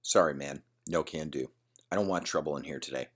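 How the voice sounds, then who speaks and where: A man's voice: a bass voice, brisk, fairly bright tone, slightly rough, full character voice. A man doing a firm, barking bartender. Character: firm male bartender keeping the peace.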